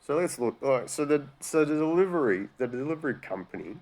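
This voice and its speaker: A man's voice: fairly high pitch, expressive, quick pace, darkish tone. An Australian man sarcastically ranting about news articles, swearing freely and sounding exasperated. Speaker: commentary host. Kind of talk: profane rant reacting to news articles.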